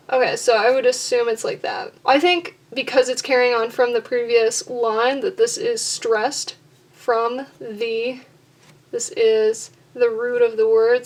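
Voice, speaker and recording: A young woman with a slightly high voice talks through poetic meter in a relaxed, unscripted lesson. She reasons her way along and stops to correct herself mid-sentence. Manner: thoughtful, self-correcting, talks through ideas slowly. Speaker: poetry teacher, channel host. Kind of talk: casual instructional talk on poetry.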